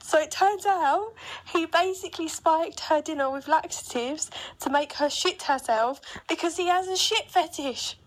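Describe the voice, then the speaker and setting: A woman with a high voice recounts a story in casual chat. She is blunt and crude. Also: moderate pace, hardly any pauses, low-quality recording.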